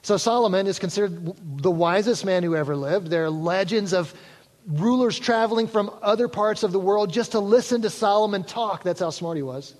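Speaking a little fast in a high, light, somewhat mellow voice, this pastor keeps his sermon chatty and wins over the congregation with humor. The big church hall lends his voice a long reverb.

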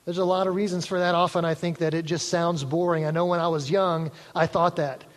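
A pastor delivers a brisk sermon in a high, light voice, his delivery flat but conversational, with jokes that draw in the congregation. Long reverb from the large church hall trails his speech.

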